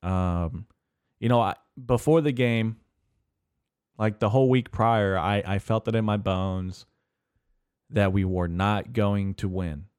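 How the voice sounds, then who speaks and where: A man with a lowish, smooth voice, recorded dry and close, hosting a casual solo podcast rant. He rambles and swears constantly, with plenty of "uh"s and restarts. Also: slow, long pauses, a little mellow, no room sound. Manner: profane, rambling, heavy swearing; filler-heavy, restarts often. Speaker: podcast host.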